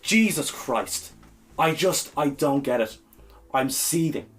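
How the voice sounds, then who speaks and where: A man's voice: medium pitch, measured pace. A man co-hosting a podcast, ranting in heated, exasperated bursts and swearing freely. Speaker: podcast co-host. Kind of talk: ranting casual chat.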